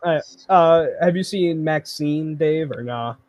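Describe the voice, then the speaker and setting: A man hosting a casual film podcast, easygoing and quick to agree. His voice sits a little high. The recording is dry and close. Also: darkish tone, no echo. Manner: easygoing, agreeable, many short replies. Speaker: podcast host. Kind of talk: casual chat.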